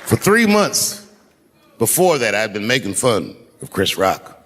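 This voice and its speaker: A man telling stand-up comedy stories onstage at a large venue into a handheld mic, swinging between shouted punchlines and low, hushed asides. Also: sing-song, measured pace, some chatter behind. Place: large performance venue on stage. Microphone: handheld stage mic. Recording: long hall reverb, faint noise.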